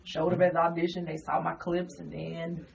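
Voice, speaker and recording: A woman's voice: lowish voice, moderate pace, vocal fry. A woman stand-up comedian with a slight twang, chatting as a radio guest and acting out the voices in her stories. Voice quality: says she has a twang. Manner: animated storyteller, acts out quotes. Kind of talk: casual radio interview chat. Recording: distant mic, dull lo-fi radio sound with faint hiss.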